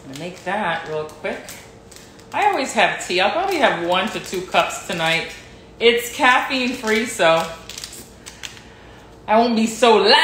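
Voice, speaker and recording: A bright, lively woman chats with her live-stream viewers from her kitchen, laughing often between sentences. Her high voice swings up and down as she talks. The room gives her voice an echo. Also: a little hiss or hum. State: sore neck. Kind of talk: casual live stream chat. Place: home kitchen. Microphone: phone.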